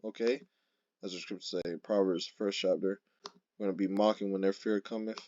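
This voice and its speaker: A man giving an informal sermon, reading scripture verses slowly and then driving points home emphatically with frequent "okay?" and "right?". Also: deep voice, steady tone, a little mellow, dry recording, lo-fi sound. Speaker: street-style scripture teacher.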